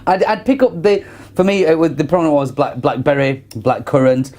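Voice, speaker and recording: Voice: mid-range voice, a little fast, darkish tone. A speaker co-hosting a casual wine tasting chat, musing and hesitant with frequent restarts. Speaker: wine show co-host.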